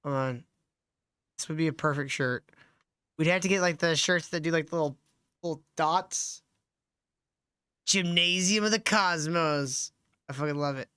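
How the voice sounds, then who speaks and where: Crude, joking show host. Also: male voice, a little high, fairly quick, pauses often, a bit bright, clear, resonant tone, no room sound, studio quality. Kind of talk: casual chat.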